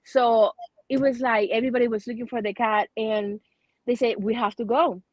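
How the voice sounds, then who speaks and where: A chatty woman hosting a relaxed conversation, her voice sitting a bit high. She tells her story in bursts, restarting sentences often. The sound is dry and close. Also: no room sound. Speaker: host. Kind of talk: casual chat.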